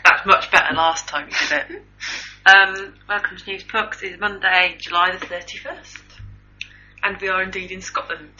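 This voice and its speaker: A woman's voice: on the low side, steady tone, moderate pace, pushed and bright. A woman co-hosting a casual chat show, reading out odd news items with cheeky jokes. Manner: cheeky, joking. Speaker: co-host. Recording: dull lo-fi recording with faint noise.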